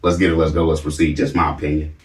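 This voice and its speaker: A man's voice: extremely low pitch, level tone, fast talker, reverberant, recorded from a distance, background noise. A man doing reaction commentary, mocking and theatrical, with a repeated catchphrase.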